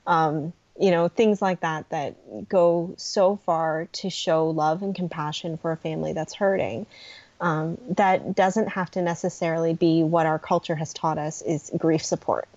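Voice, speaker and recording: A middle-aged woman, a guest on a podcast, speaking earnestly and gently about grief support, with frequent pauses and ums. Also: low-pitched, fairly even intonation, no echo, highs cut off. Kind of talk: podcast interview conversation.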